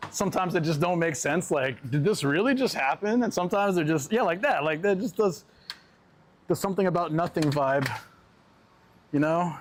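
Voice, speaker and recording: Man, live streamer, fairly high voice, relaxed, rambling, laughs a lot. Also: moderate pace, long pauses, slight background noise. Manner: laid-back, rambling storyteller, laughs often. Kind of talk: casual live-stream chat while out and about.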